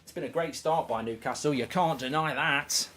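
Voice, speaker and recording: This is a middle-aged man hosting a football watchalong live, reading out what viewers write and chatting casually between loud bursts of excitement. His voice leans high, and his pace is moderate.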